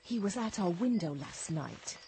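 A blunt, proud wife in a radio play. She talks sharply and with an accusing edge, her pitch swinging lively up and down. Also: measured pace, slight background noise. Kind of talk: radio drama acting.

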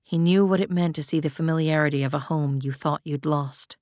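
A woman reading fantasy fiction aloud as an audiobook narrator, in an even, measured way. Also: low voice, dry recording.

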